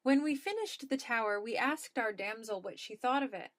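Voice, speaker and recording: A woman narrates a comic storybook in a dry, matter-of-fact way. Her voice sits fairly high. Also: moderate pace.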